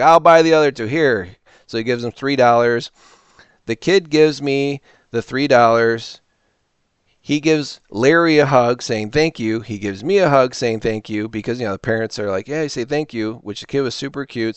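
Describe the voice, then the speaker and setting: A man hosting a reseller channel, chatting casually and telling a rambling, animated story with quoted voices. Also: mid-range voice, normal speed, clean tone, no room sound. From Illinois, US. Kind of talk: casual talking-to-camera vlog.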